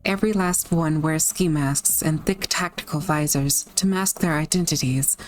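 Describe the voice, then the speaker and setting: A woman's voice: sits low, moderate pace, soft background music. A young woman who just woke up, chatting with lots of fillers and then reading a game story aloud. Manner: chatty and rambling, many fillers, hesitant. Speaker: story reader.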